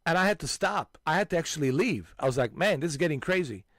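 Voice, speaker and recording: A man hosting a gaming channel, loudly swapping stories with friends and breaking into frequent laughter and exclamations. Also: on the high side, expressive, quick pace, no room sound, clean studio sound. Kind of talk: casual chat with friends.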